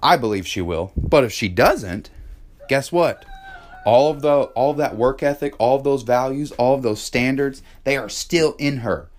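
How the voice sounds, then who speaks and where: A man's voice: mid-range voice, moderate pace. A man in his thirties talking in a casual monologue about parenting, passionate, cursing freely and filling with "man". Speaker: podcast host.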